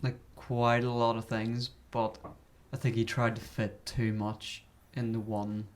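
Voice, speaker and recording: A man chatting casually at home, relaxed and hesitant with frequent fillers. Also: mid-range voice, a little slow. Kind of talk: casual chat. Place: a home flat.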